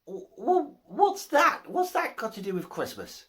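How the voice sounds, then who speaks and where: A woman's voice: a little high, big pitch swings, measured pace. A woman voicing a fussy old male gatekeeper saint in a joke, sounding exasperated.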